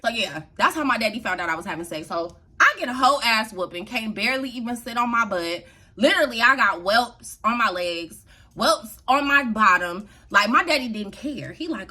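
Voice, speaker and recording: A woman's voice: on the high side, lively intonation, a little fast, pushed and bright. A young adult woman telling a story on her vlog in a loose, slangy way, laughing often. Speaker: vlogger.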